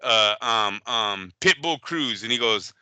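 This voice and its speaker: A man co-hosting a boxing podcast in casual chat, animated and profane, often slipping into quick impressions. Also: lowish voice, clean tone, dry recording, rough recording. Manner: animated, profane, impersonates fighters. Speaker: boxing show co-host.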